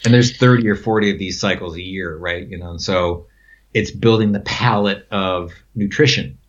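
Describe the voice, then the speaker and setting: In a casual conversation, a man with a low voice tells rambling stories at normal speed, using many fillers and laughing often. The recording is dull and lo-fi.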